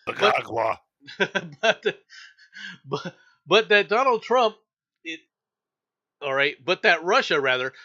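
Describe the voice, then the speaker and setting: A man's voice: high-pitched, animated, takes it slowly, pauses often, pushed and bright. A man hosting an opinionated news commentary, ranting angrily with profanity and frequent stammered restarts. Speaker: show host. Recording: dull lo-fi audio.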